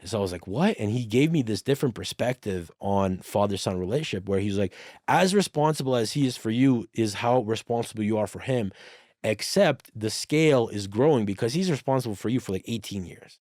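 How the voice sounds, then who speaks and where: Animated swearing man telling a story. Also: on the low side, fairly quick, no room sound, clean studio sound. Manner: animated, swears freely, acts out quoted dialogue. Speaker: podcast guest. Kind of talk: casual storytelling.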